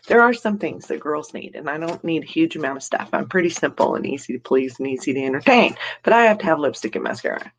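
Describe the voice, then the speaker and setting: A woman's voice: low-pitched, big pitch swings, fairly quick, slight background noise. A woman hosting a casual live stream, chatty and rambling, laughing often and greeting viewers by name as she reads their comments. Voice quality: giggly, laughs often between remarks.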